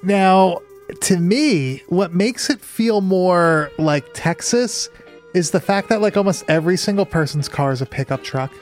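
Podcast co-host: a rambling, excitable man with a fairly high voice over faint music. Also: unhurried. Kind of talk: casual movie discussion.

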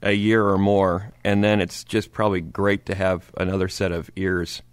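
A man hosting a radio music show, asking measured, thoughtful questions of a guest. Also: deep voice, flat delivery, no room sound. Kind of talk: interview questions. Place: radio studio.

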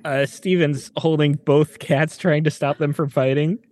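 A woman's voice: sits low, steady tone, measured pace, crowd noise. A woman playing in a tabletop game, playfully narrating what her character does. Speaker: player. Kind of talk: casual tabletop play.

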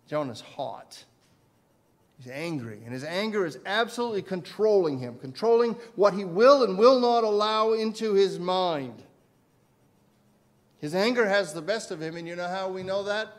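A man preaching a sermon as pastor, swinging between loud emphasis and quiet asides and putting questions to his listeners. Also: sits high, moderate pace. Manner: asks the congregation questions.

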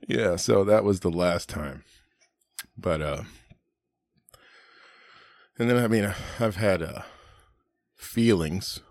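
Low-voiced dude cussing his way through a long story, dry close mic. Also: slow, pauses often, a little mellow, no room sound. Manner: profane, rambling, laughs while telling stories. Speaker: podcast host. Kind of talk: casual storytelling chat.

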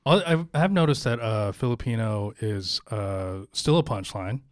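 A man's voice: on the low side, lively intonation, a little slow, no room sound, studio quality. A man, a comedian co-hosting a podcast, speaking hesitantly with many ums and restarts. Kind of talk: casual podcast chat.

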